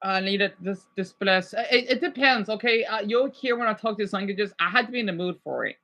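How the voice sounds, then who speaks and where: A man's voice: high-pitched, brisk, sharp tone. An American man chatting casually with live viewers, rambling with many restarts and fillers. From United States. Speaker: streamer.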